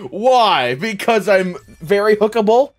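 A young man chatting with friends at his home gaming setup, with loud, animated trash talk and sudden yells. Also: sits high, slow pace. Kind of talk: casual gaming chat.

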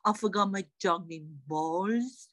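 A woman's voice: medium pitch, takes it slowly, a bit bright, dry recording, clean studio sound. A woman voicing a bewildered male royal, pleading in a plaintive, theatrical way.

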